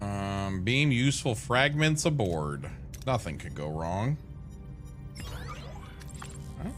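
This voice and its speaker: A man's voice: lowish voice, lively intonation, takes it slowly, over music. A man streaming a game, chatting casually to his viewers, rambling and swearing freely. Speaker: gaming streamer. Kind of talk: casual gameplay chat.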